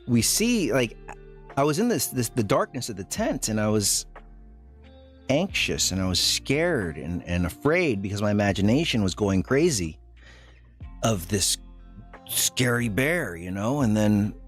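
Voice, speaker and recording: A man with a lowish voice talks casually to his live chat and tells the story in a loose, rambling way. He stops often, restarts his sentences and fills the gaps with ums and uhs. Faint music plays underneath. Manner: rambling, halting, with many fillers and restarts. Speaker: live streamer.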